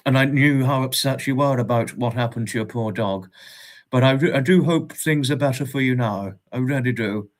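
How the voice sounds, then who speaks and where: A man hosting a livestream in casual chat, warmly greeting viewers and reading out their comments with frequent chuckles. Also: medium pitch, moderate pace. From United Kingdom. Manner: affectionate, greets viewers as darling, chuckles often. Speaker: livestream host.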